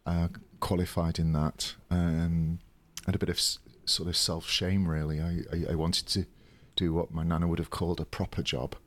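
A man's voice: low-pitched, level tone, normal speed, hardly any pauses. A man in his thirties, a drag performer telling stories as an interview guest, chatty and hesitant with many ums and restarts. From United Kingdom. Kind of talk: casual interview storytelling.

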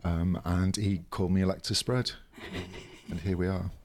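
A man's voice: low voice, flat delivery, normal speed. A man in his thirties, a drag performer telling stories as an interview guest, chatty and hesitant with many ums and restarts. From United Kingdom. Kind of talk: casual interview storytelling.

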